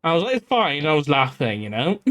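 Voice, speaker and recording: A man streaming, telling a story to his chat in a casual, animated way, swearing freely and laughing as he goes. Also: on the high side, normal speed.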